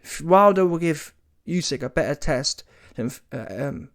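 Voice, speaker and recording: His voice is fairly high, a little slow and creaky as he rants about a boxing match. Casual and slangy, he gets emphatic and often mocking, animated enough to rise to mocking shouts, dropping street slang and swear words.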